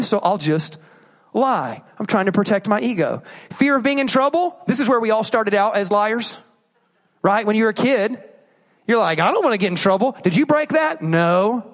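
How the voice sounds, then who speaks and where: A man's voice: high voice, expressive, brisk. A man preaching a sermon, asking rhetorical questions and acting out inner voices. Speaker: pastor.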